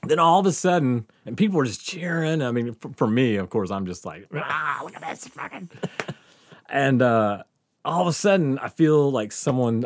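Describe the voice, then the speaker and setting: A man's voice: medium pitch, dry recording. A man hosting a podcast, telling a story in casual chat, laughing often and swearing freely. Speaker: podcast host.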